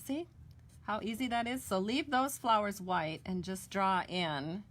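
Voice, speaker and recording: Speaking at a measured pace with a medium pitch and a slightly bright tone, an American woman in middle age gives a casual crafting tutorial on card-making. She chats in a homey way, correcting herself as she colors, with slight background noise.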